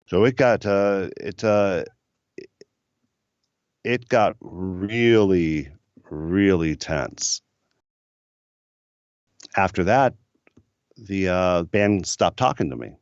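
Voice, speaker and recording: A middle-aged American record producer, guesting on a podcast, rambles through anecdotes about his studio years, easygoing and full of fillers. His low, deep voice has lively intonation, stretched-out words and frequent pauses. The recording is dry and slightly dull, with no room sound.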